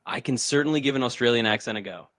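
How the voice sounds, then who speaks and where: A man's voice: medium pitch, fast, fairly bright tone, no echo, clean studio sound. A synthetic man's voice working as an AI assistant, cheery and agreeable in its replies. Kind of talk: upbeat chatbot replies.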